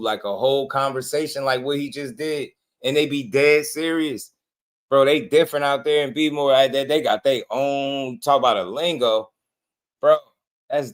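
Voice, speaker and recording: Guy hosting a boxing show, slangy rambling reaction talk, laughs a lot, average pitch. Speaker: boxing channel host. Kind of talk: casual reaction commentary.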